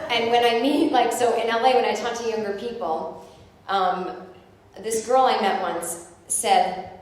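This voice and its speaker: In a very echoey live club recording, with audience laughter behind her, an American woman in her forties does a rambling, self-deprecating stand-up set. Her voice is a little high, steady in tone, and measured in pace.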